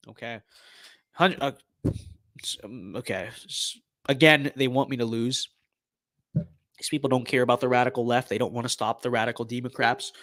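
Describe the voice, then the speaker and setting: A man's voice: medium pitch, pushed and bright, no echo, studio quality. A young man streaming a game, giving casual, playful commentary with mock-political banter while he thinks aloud.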